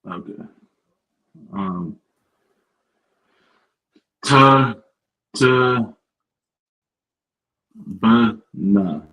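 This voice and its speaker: A man's voice: on the low side, extremely slow, long pauses, a bit bright, low-quality recording. A male student hesitantly sounding out words, heard over a call. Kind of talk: reading aloud syllable by syllable.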